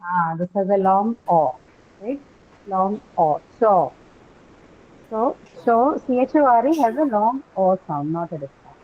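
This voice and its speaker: A woman's voice: medium pitch, lively intonation, measured pace. Woman teacher spelling words aloud. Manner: patient, spells words out letter by letter and repeats them. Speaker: English pronunciation teacher. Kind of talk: live class instruction. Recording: slightly muffled recording.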